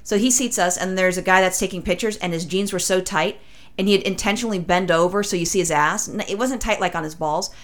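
A woman with a somewhat low voice tells a long, winding anecdote in relaxed podcast chat. She strings her thoughts together with "and then" and "like," and breaks into quick impressions of the people in her story. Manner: rambling, animated anecdote with acted-out quotes.

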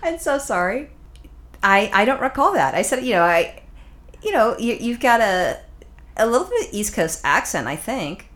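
A woman's voice: medium pitch, sing-song, normal speed, a bit bright. A woman co-hosting a podcast in casual chat, blunt and profane, full of wisecracks. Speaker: podcast co-host.

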